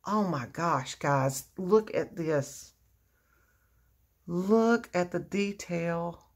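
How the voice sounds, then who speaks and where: A woman, her voice sitting on the lower side. She talks at an unhurried, drawn-out pace and gushes with delight over crafts, full of exclamations. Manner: gushing, effusive exclamations, frequent laughs. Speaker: crafting vlogger opening happy mail. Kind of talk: casual unboxing chat.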